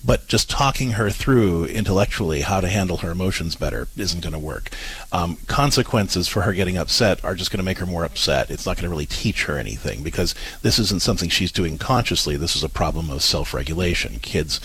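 Husky male co-host, lowish voice, earnest explainer on a parenting advice show. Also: lively intonation, brisk, fairly bright tone, poor audio.

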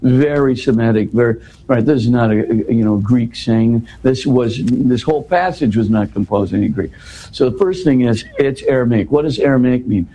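A man talks through a scripture passage for an interviewer, teaching with animated, explanatory energy. His voice sits at a medium pitch with a warm, mellow tone, and a faint noise runs under the recording. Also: moderate pace, low-quality recording.

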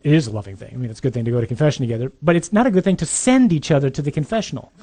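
A man's voice: medium pitch, expressive, racing, dark tone. A man, a priest, giving a conversational sermon to young adults, emphatic with dry humorous asides.

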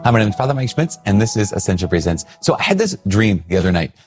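A man's voice: on the low side, sing-song, fast, a little mellow, soft background music. A male priest in a casual, reflective talk to camera, chatty and self-deprecating as he tells a story.

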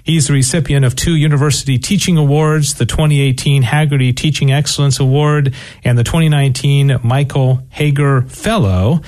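A man hosts a radio interview, speaking with friendly enthusiasm. He often pauses with fillers and repeats his words as he goes. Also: medium pitch, steady tone, darkish tone. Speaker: radio host and station director.

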